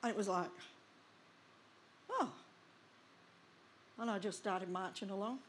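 A woman pastor in her sixties telling a personal testimony in a sermon, with lively storytelling that acts out the scenes. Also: medium pitch, fast.

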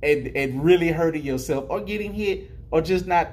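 A man's voice: fairly high pitch, normal speed, darkish tone. A man co-hosting a podcast in casual chat, joking and swearing freely as he talks. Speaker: podcast co-host.

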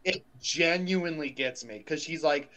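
A young man talks casually with a co-host, animated and slangy, leaning on fillers. His voice sits a little high. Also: moderate pace. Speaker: podcast co-host. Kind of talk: casual chat.

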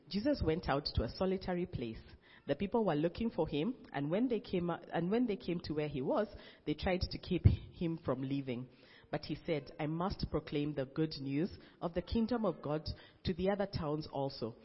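A man's voice: on the high side, slightly rough. A man reading scripture aloud in a plain manner, often stumbling and restarting a phrase. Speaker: scripture reader. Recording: dull, reverberant recording.

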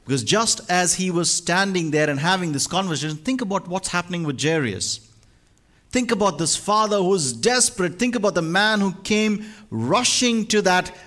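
A male pastor preaching a sermon, moving from hushed, slow lines to loud, emphatic ones. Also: high voice, lively intonation.

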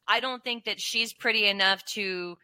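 Bright-voiced woman chiming in. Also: mid-range voice, clean tone, low-quality recording. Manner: agreeable, chimes in with quick affirmations. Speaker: podcast co-host. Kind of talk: casual chat.

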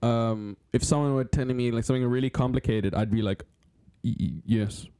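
A young man, chatting casually in an animated, laughing way as a podcast co-host. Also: medium pitch, quick pace, clear, resonant tone, dry recording, clean studio sound. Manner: animated, laughing, breaks into voices. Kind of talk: casual chat.

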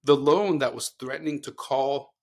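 A man's voice: medium pitch, moderate pace, a little mellow. A middle-aged man co-hosting a podcast, telling long earnest stories in casual chat with many restarts. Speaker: podcast co-host.

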